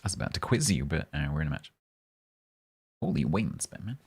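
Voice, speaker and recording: A man's voice: rumbling low, very animated, brisk, breathy edge. A man live-streaming a game, chatting casually and jokingly with his chat.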